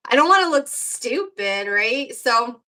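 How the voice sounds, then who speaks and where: A woman's voice: a little high, big pitch swings, measured pace, bright, forceful tone. A woman guest on a livestream, chatting casually in a rambling way and laughing often. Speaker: guest, beauty creator. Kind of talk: casual live chat.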